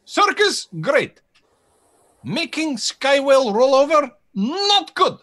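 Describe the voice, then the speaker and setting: A man voicing an excitable, scheming male carnival showman in a tabletop game, with high, clipped, broken phrasing. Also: slow, full character voice.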